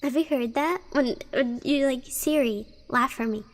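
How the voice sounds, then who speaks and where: A woman streamer chats casually on a live stream in a soft, high voice. She talks slowly, giggles often and rambles through fillers and restarts.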